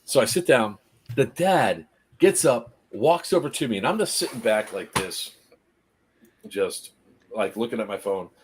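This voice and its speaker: A man casually telling a long story on a podcast as its host, animated and often laughing. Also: medium pitch, measured pace, background noise. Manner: animated anecdote teller, laughs through his story.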